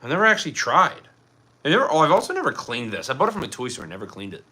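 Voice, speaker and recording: A man's voice: medium pitch, wildly swooping pitch, racing, sharp tone, slightly rough. A man chatting casually to his live-stream viewers at home, rambling and distracted as he fiddles with props.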